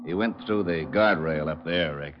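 An actor playing a gruff, brusque police lieutenant who sounds fed up, in 1940s radio acting from a muffled old broadcast. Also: male voice, sits low, normal speed, music in the background, close to an everyday voice.

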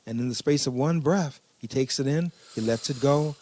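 A man co-hosting a podcast, talking in a calm, reflective way and laughing softly now and then. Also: medium pitch, moderate pace, a little hiss or hum. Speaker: podcast co-host. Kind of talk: relaxed conversational chat.

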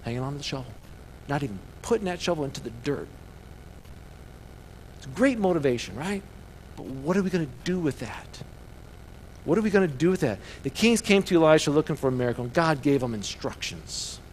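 A man, the pastor of a church, preaching a sermon that swings from fired-up bursts to quiet, personal asides. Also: on the high side, fairly quick, slight background noise. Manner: preaching with rising excitement and quieter reflective asides.

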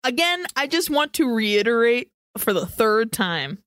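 A woman's voice: on the high side, big pitch swings, unhurried, a bit bright, clear, resonant tone, no room sound. A woman co-hosting a podcast, chatting casually about an old film with wry, sarcastic remarks. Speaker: podcast co-host. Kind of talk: casual movie recap chat.

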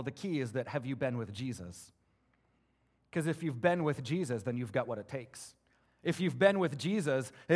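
Energetic pastor preaching a casual sermon. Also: male voice, fairly high pitch. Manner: energetic, conversational preaching with rhetorical questions.

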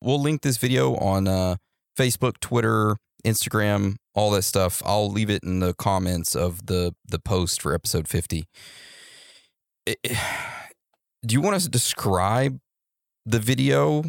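Gravelly low-voiced man musing on a podcast. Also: a little slow, no echo, clean studio sound. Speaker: podcast co-host. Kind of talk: casual podcast chat.

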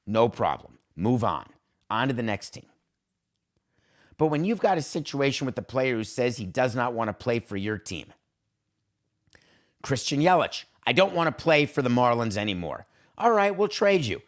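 Emphatic man hosting a sports podcast. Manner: emphatic, acts out quoted exchanges with pitch swings. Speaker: podcast host. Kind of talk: opinionated sports talk monologue.

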